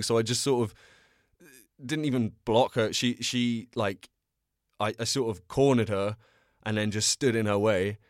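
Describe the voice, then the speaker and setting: Rambling man, low dry voice. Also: no echo. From England. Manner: rambling, self-deprecating, lively storytelling. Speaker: podcast host. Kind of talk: casual solo podcast chat.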